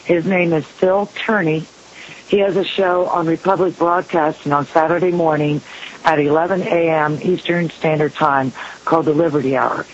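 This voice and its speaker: A man's voice: fairly high pitch, steady tone, normal speed. A man hosting a talk radio show, telling a story in an earnest, conversational way, heard through a dull lo-fi radio recording with hiss.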